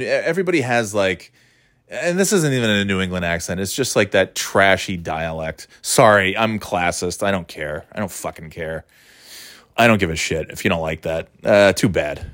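A man's voice: lowish voice, normal speed, no room sound, clean studio sound. A man giving casual, sarcastic commentary on a clip, swearing freely. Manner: sarcastic, swears, mocks with put-on voices.

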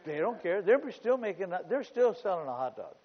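A pastor preaching a sermon, telling humorous stories and building up to shouts. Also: male voice, sits high, sing-song, brisk, long reverb tail, lo-fi sound. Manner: storytelling with humor, rising to shouts.

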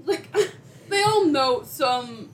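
A woman's voice: sits high, lively intonation, drawn-out words. A woman co-hosting a podcast in casual chat, playful and laughing often. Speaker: podcast co-host. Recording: clear background hiss.

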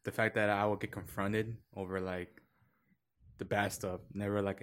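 Fast-rambling low-voiced man. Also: level tone. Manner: rambling storyteller, many fillers and quoted voices. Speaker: podcast guest. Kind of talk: casual chat.

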